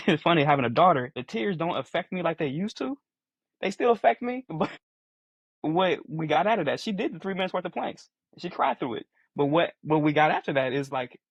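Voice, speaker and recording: A man's voice: on the high side, husky, dry recording, dull audio. A man in his forties co-hosting a casual podcast chat, earnest and restating his points as he explains them. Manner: earnest, repeats phrases while explaining. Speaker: podcast co-host.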